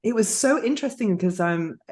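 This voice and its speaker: A woman's voice: mid-range voice, animated, fairly quick, darkish tone. A woman hosting a podcast, chatting casually, laughing often and restarting her sentences. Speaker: podcast host. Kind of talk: casual interview chat.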